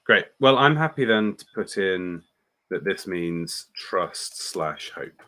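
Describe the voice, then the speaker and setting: A man's voice: low voice, animated, takes it slowly, sharp tone. A man hosting a casual Bible study livestream, curious and asking questions. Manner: curious, asks questions, reads out viewer comments. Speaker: host of a Bible study stream.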